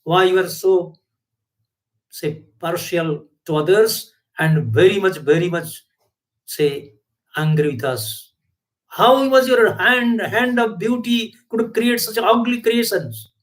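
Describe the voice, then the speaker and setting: A man's voice: sits high, takes it slowly, rough recording. A man voicing a group of ugly caterpillars who plead with God in indignant questions in a spoken parable.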